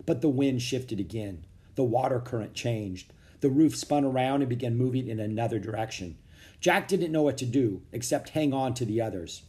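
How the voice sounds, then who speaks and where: A man narrating a children's chapter book aloud in a steady, expressive reading. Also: medium pitch, normal speed. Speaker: audiobook narrator. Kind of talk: storybook read-aloud.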